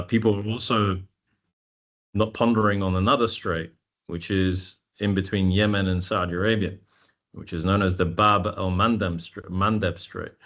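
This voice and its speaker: A man hosting a webinar over a video call, talking in a loose, relaxed way with many fillers. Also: sits low. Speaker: webinar host.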